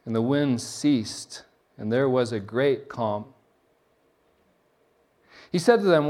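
A middle-aged man, a pastor, preaching a sermon in an animated storytelling way, often restarting and repeating words. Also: mid-range voice, takes it slowly, long pauses.

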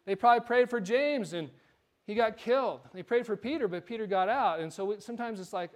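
A man's voice: sits high, a little fast. A male pastor preaching in a church, in a conversational storytelling way that often repeats words. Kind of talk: sermon.

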